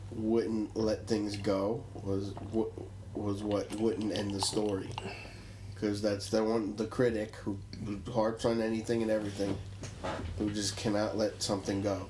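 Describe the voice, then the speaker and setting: A man with a lowish voice in a relaxed movie conversation. He teases and laughs while he talks, and clear noise sits under the recording. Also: a little slow. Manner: wry, teasing, laughs while talking. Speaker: movie discussion co-host. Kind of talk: casual chat.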